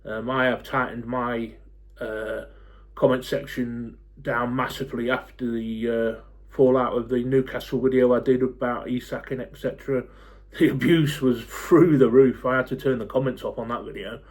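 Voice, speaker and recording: A man in his forties, talking to camera in a blunt, fed-up rant, swearing freely and pausing on lots of ums. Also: medium pitch, steady tone, darkish tone. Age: 40s. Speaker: football fan YouTuber.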